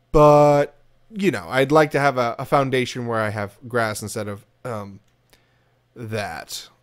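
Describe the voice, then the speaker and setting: A man narrates his gameplay in a bright, chatty commentary style. His voice sits a little above typical for a man and swoops up and down with plenty of animation. He keeps things upbeat and pokes fun at himself with quick laughs. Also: fairly high pitch. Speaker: Minecraft let's-play creator. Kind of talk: game commentary voice-over.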